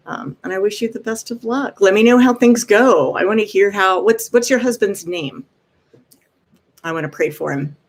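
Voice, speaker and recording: A woman vlogger giving gentle, encouraging advice in casual talk, often pausing with "um". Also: fairly low pitch.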